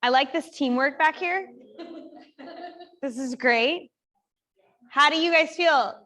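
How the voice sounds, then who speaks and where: A woman's voice: high-pitched, takes it slowly, sharp tone. A woman physical therapist leading a group exercise workshop in a fitness studio, giving chatty coaching cues. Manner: upbeat, chatty coaching cues with frequent "like" and "right?".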